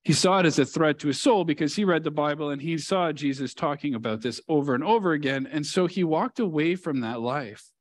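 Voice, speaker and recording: A man's voice: fairly high pitch, fairly quick. A male pastor preaching a sermon in a church, telling a story earnestly and leaning hard on key words. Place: church sanctuary.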